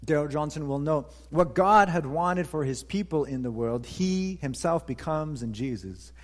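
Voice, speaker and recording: A man's voice: a little high, lively intonation, normal speed, big-room sound. A man preaching a sermon as pastor, earnest, repeating key phrases for emphasis.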